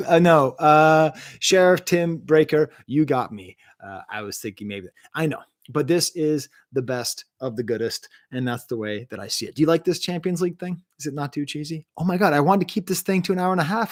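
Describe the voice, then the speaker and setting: A man's voice: a little high, a little fast, hardly any pauses. A man hosting a music review livestream from home, ranking albums with enthusiastic, rambling talk and reading out the live chat. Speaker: music review show host.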